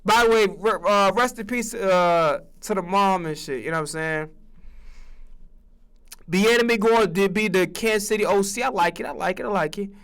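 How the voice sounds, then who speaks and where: A man's voice: high-pitched, moderate pace, fairly bright tone, smooth. A man ranting casually and profanely about football coaching hires, acting out imagined conversations. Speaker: sports streamer. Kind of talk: profane casual sports rant.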